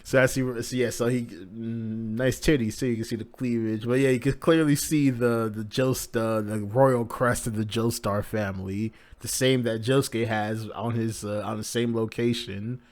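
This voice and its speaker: A man's voice: medium pitch, fairly even intonation, normal speed, hardly any pauses, a little mellow. A man hosting a live manga reaction, narrating the pages casually and crudely with many fillers.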